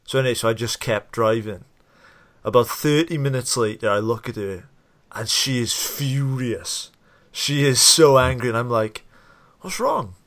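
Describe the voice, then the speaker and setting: A man hosting a casual interview, telling stories in a lively way and laughing easily. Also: mid-range voice, moderate pace. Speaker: podcast host.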